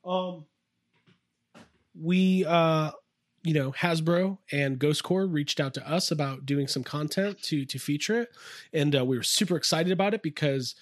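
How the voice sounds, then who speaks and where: A man co-hosting a casual podcast from his toy room, rambling and excitable with many fillers. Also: on the high side, a little slow, no echo, clean studio sound. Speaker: podcast co-host. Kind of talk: casual chat.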